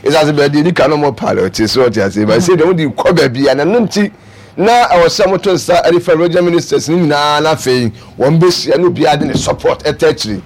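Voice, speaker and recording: A man with a Ghanaian accent co-hosting a casual radio news discussion, talking in an animated way. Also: fairly high pitch, quick pace. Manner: animated, laughs and exclaims. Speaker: radio co-host.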